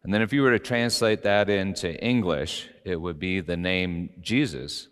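Male pastor, deep smooth voice, explains scripture casually; reverberant church hall, soft music. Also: moderate pace. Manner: conversational, explaining. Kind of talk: sermon before communion.

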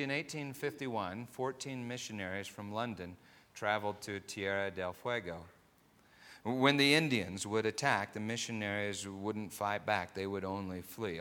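A male preacher tells a story in a sermon at an unhurried, deliberate pace. His voice is bright and forward, and he moves from quiet narration to loud, fervent stretches. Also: on the low side, big-room sound. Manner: swells from quiet narration to loud impassioned pleading; slow, deliberate delivery with many pauses.

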